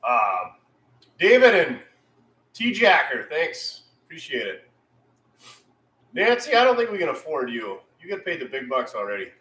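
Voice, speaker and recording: Rambling male livestream host, lively pitch, reverberant shop room. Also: measured pace, long pauses. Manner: laid-back, rambling, reads chat aloud. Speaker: channel host. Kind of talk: casual livestream chat. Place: repair shop.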